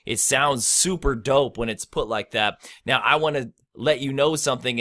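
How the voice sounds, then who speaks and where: Bright-voiced man teaching rap rhymes. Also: medium pitch. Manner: breaks words into syllables, chants rhythms; loose and conversational, many fillers. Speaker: rap tutorial host. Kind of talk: casual instructional talk.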